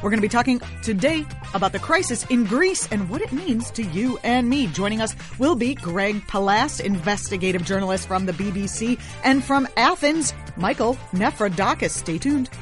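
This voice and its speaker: A woman's voice: on the high side, expressive, moderate pace, music in the background. A woman hosting her show from a home studio, giving satirical political commentary with sarcastic, wry asides. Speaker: show host.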